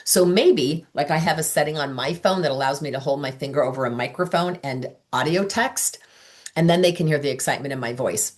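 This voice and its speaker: A woman's voice: low-pitched, a little fast. A woman leading a sales training, talking with enthusiasm and acting out the texts and replies she quotes. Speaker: sales director giving training. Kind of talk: training talk.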